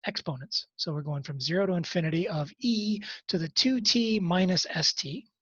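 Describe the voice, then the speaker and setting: A math instructor with a high-pitched, fairly bright, breathy voice moves at a moderate pace through a recorded college class. His delivery is casual, with wry comments at his own expense as he solves problems. The recording is muffled, without echo.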